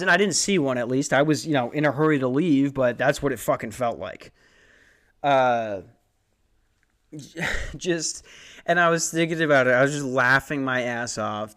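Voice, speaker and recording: A man's voice: mid-range voice, fairly bright tone. A young man telling a rambling, profane, self-mocking story about his door-to-door sales job. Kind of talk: casual comedic storytelling monologue.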